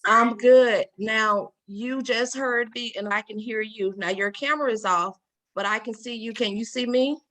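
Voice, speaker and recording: Bright, firm motivational woman. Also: fairly high pitch, normal speed. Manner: warm, preachy, firm encouragement. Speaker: encouraging mentor in a women's group. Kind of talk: motivational faith talk. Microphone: video call.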